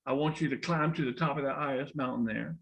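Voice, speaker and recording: A man's voice: mid-range voice, quick pace, gravelly, fairly bright tone. A man voicing a stern tribal chief giving orders to his son in a spoken folk tale. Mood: commanding. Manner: commanding. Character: stern old tribal chief, commanding father.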